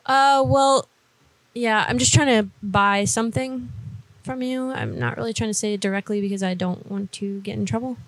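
A woman's voice: mid-range voice, moderate pace, no echo, close to an everyday voice. A woman playing a young woman on a prank call, speaking in a nervous, vague, sweet way. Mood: coy. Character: young woman posing as a shy buyer. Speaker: prank caller.

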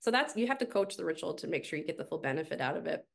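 A middle-aged woman speaks as a podcast guest, relaxed and conversational. Her voice sits a little low and has a gravelly edge. She tells stories in an animated way and drops in casual fillers as she goes. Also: racing. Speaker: podcast guest, team coach.

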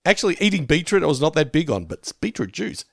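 A man's voice: fairly high pitch, very animated, fast, vocal fry, no room sound, studio quality. A man co-hosting a podcast, chatty and giggly in casual conversation. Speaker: podcast co-host. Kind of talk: casual chat.

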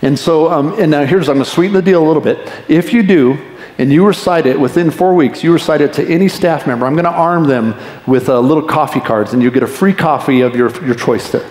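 A man preaching a sermon as pastor, talking to the congregation in a conversational, lively way with quick asides. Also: on the high side. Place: church sanctuary. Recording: echoey church hall reverb.

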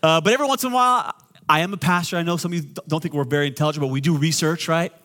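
A middle-aged man, a pastor, preaching a sermon with joking asides, swinging between loud and quiet. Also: fairly high pitch, racing.

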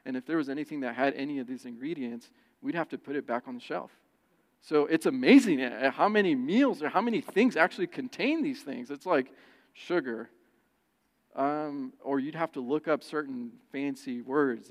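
A man preaching a sermon who tells personal stories in an animated way and acts out the quoted voices. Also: a little high. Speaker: pastor. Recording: long church reverb.

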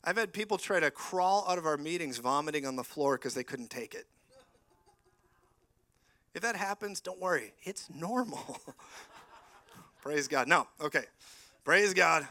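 High-pitched guy preaching in a church, jokey and animated, does voices in his stories. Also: unhurried, long pauses, no echo. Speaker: guest preacher. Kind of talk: lively sermon with storytelling.

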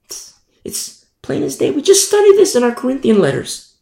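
A man preaching a sermon as pastor, emphatic, swinging from loud declarations to hushed asides and mimicking sinners' excuses. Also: extremely high pitch, huge pitch swings, normal speed, gravelly, reverberant.

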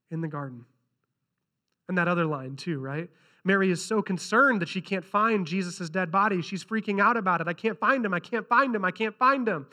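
A man's voice: on the high side, bright, forceful tone. A man preaching a sermon who reads scripture aloud and earnestly repeats key lines for emphasis. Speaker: pastor.

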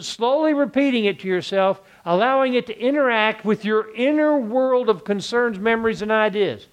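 Texan male Bible teacher, higher register, rhetorical lecturing style. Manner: asks rhetorical questions and answers them. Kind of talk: classroom Bible lesson.

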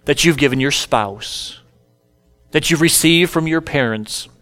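A male pastor preaching a sermon at a slow, deliberate pace, with a voice that sits a bit higher than most men's. He tells scripture stories and acts out the characters in casual everyday speech. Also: fairly bright tone, soft background music.

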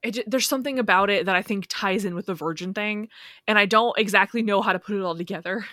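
A woman co-hosting a casual film-discussion podcast, thinking aloud in halting, animated bursts. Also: mid-range voice, no room sound, clean studio sound. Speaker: podcast co-host.

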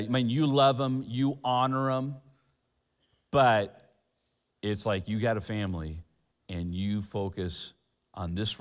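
A man preaching a sermon as pastor, animated and chatty, with humorous asides. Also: lowish voice. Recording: long church hall reverb.

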